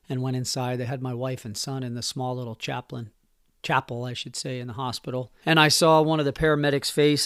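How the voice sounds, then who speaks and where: A man in his forties tells his own story on a podcast, speaking in a somber, halting and emotional way. His voice sits at a middle pitch. The recording is dry and close, with no room sound. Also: dry recording. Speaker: podcast host. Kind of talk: personal storytelling monologue.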